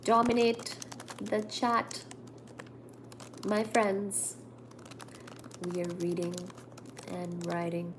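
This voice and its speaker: Unhurried woman. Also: mid-range voice, background noise. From India. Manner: chatty, reads viewer comments aloud, coos at her cat. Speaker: livestream host. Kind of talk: casual live-stream chat. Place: at home. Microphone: laptop.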